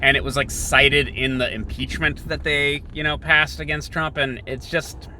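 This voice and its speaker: Bright-voiced rambling male podcaster. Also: mid-range voice, steady tone, moderate pace, slight background noise. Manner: rambling, digressive, many restarts and asides. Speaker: podcast host. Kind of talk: casual rambling monologue.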